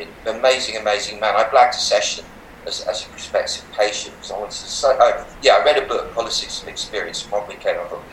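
In a relaxed interview, an older healer and meditation teacher spins animated anecdotes in a lowish voice, laughing frequently and doing voices for the quotes. The slightly distant mic gives a roomy sound with a bit of background noise.

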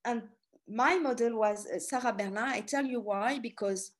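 A woman's voice: fairly high pitch, moderate pace. A middle-aged woman with a French accent, giving an anecdotal talk with chatty asides as a speaker and tour guide. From France. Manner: chatty, storytelling with asides and fillers.

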